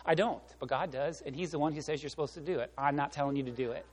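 High-voiced pastor preaching in a reverberant hall. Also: male voice, fast talker, few pauses. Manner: animated, acts out voices and quotes, laughs along. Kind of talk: sermon. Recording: long reverb of a large hall.

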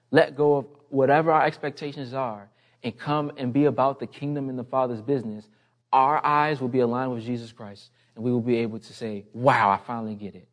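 Man, pastor, sermon, conversational storytelling, impassioned. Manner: impassioned, rising in pitch and volume toward the end; personal storytelling, conversational asides.

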